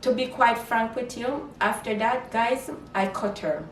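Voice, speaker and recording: A woman's voice: on the high side, a little slow, background noise. A woman, telling a casual storytime vlog and animatedly quoting herself in Creole. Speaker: vlogger. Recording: echoey room, mic at a distance.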